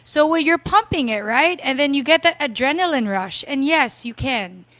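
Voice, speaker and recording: A young Filipina woman co-hosts a talk radio show with a candid, chatty manner. Her voice is notably high and she often checks in with "right?". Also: animated, normal speed, a bit bright, no echo. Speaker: radio co-host. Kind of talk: frank casual talk radio chat.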